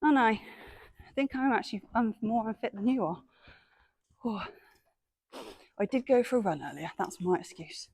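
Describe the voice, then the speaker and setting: Horse-owner vlogger, woman, bright and a bit high-pitched, dry close mic, talks to her horse as she works. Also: moderate pace, pauses often, husky, dry recording. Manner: chatty, praising the horse in a bright sing-song. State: slightly out of breath. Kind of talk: casual chat while training a horse. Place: outdoors in a horse arena.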